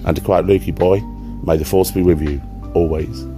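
A man's voice: low-pitched, fairly even intonation, normal speed, warm tone, soft background music. A man from Suffolk, giving an earnest, sincere recorded message of congratulations. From Suffolk, England.

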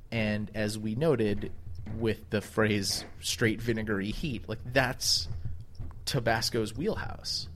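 Male co-host, lower register, loose rambling delivery full of fillers and restarts. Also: fairly bright tone, slight background noise. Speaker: podcast co-host. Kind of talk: casual chat.

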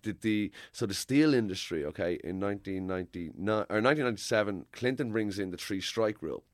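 Irish male guest in his forties, low and dry, rambling anecdotes, swears casually. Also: brisk, dry recording. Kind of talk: casual podcast chat.

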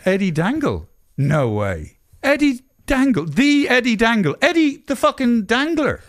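Man playing a loud, gushing pub local. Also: fairly high pitch, a little slow, clean tone, natural voice. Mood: starstruck. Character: excitable pub local, male, adult.

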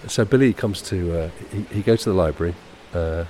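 Deep-voiced South London man, dry humor, co-host on location in an arcade. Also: brisk, mellow, slight background noise. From south of England. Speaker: podcast co-host. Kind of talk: casual walking chat, reading from a novel. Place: Victorian shopping arcade.

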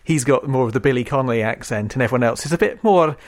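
Man co-host, casual, fluent and enthusiastic, mid-pitched voice. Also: expressive, quick pace. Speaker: podcast co-host. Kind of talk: casual chat about an old TV series.

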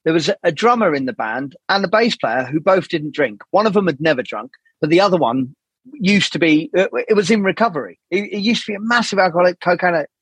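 A man's voice: sits high, quick pace, slightly rough, dry recording. A man talking as a podcast guest in a candid, rambling way, swearing often. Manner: swears freely, animated rambling storytelling. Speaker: jazz saxophonist, podcast guest.

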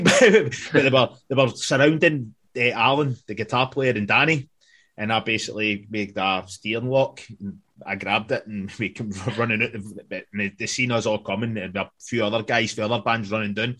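Man, husky voice, bright tone, sweary laughing anecdotes, casual podcast chat. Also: on the low side, normal speed. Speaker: band member on a podcast. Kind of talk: casual storytelling.

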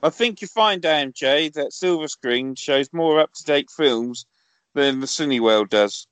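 A man's voice: fairly high pitch, a little slow, a bit bright, clear, resonant tone, no echo. A man co-hosting a podcast, teasing his friends in a matter-of-fact way. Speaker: podcast co-host. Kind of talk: casual chat.

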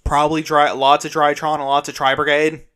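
Hesitant American man, slightly high voice. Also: fairly quick, smooth. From United States. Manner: hesitant, lots of ums, relaxed. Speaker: podcast co-host. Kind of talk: casual chat about card games.

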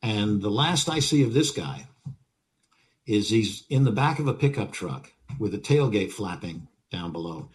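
His voice is on the low side with lively intonation, and he talks a little slowly. The older man, an actor being interviewed, tells animated anecdotes vividly, acting out moments and repeating phrases for emphasis.

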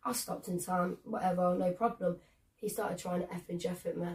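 A woman co-hosting a podcast, telling an animated story and acting out both sides of an argument. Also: on the low side, normal speed, recorded from a distance. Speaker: podcast co-host. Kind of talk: casual chat.

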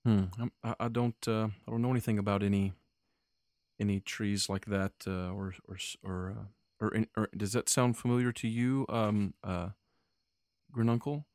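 A man's voice: on the low side, fairly even intonation, moderate pace, darkish tone, no echo, studio quality, close to an everyday voice. A man voicing a hesitant noble wood elf woman who stammers and speaks evasively, barely changing his own voice. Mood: nervous.

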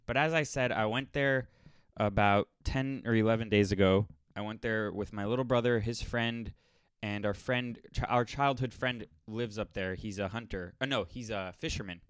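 A young man telling a rambling, sardonic story in a casual monologue, now and then mocking people in quick impressions. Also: lowish voice, clear, resonant tone, no room sound. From Los Angeles area.

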